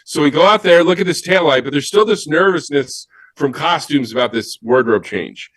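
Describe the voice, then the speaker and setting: A man telling a story on a panel, animated and giggly, acting out what others said. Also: a little high, moderate pace, dry recording.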